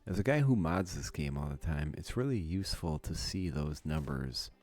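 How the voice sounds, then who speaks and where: A man's voice: extremely low pitch, animated, normal speed, a little mellow, slight background noise. A man from Wisconsin giving casual gameplay commentary, thinking aloud and chuckling often. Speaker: let's play gamer.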